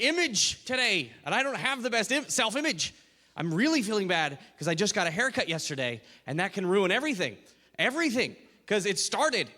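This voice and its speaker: Male stand-up comic, high and animated, shouting punchlines, live hall reverb. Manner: animated, shifts into silly voices, shouts punchlines. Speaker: stand-up comedian. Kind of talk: stand-up comedy set. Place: comedy club stage with a live audience. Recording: hall reverb, audience noise.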